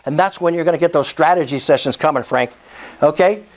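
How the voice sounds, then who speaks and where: Man, 60s, high-pitched, fervent preacher-style motivational speaker, call-and-response. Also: fast talker. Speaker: speaker at a real estate investor meetup. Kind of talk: motivational speech.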